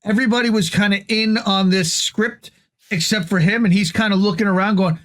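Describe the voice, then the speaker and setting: A man's voice: sits high, steady tone, a little fast, a bit bright. A man co-hosting a political commentary show, weighing his words carefully with hedges and restarts.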